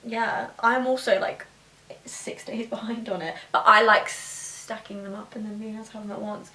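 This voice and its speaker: A woman's voice: medium pitch, steady tone, moderate pace, sharp tone. Chatty woman, roomy echo. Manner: chatty, giggly, rambling. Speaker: podcast co-host. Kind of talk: casual chat. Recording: echoey room, distant mic.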